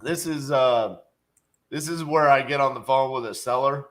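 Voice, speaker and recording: A man's voice: medium pitch, normal speed, fairly bright tone. A middle-aged man, co-hosting a casual livestream, joking, telling stories and greeting viewers. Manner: folksy, joking, storytelling. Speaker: co-host, real estate investor. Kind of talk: casual livestream chat reading viewer comments.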